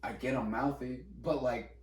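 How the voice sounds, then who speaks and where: A young man co-hosting a podcast, telling school stories in casual chat, animated and profane, laughing as he goes. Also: medium pitch, moderate pace. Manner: animated, swearing, laughing while recounting. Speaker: podcast co-host. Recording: echoey room, mic at a distance, faint noise.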